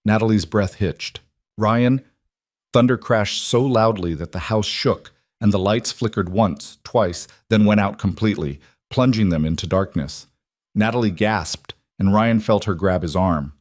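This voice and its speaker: A man reading a dramatic story in an even, measured narration style. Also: on the low side, dry recording, clean studio sound. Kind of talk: scripted narration.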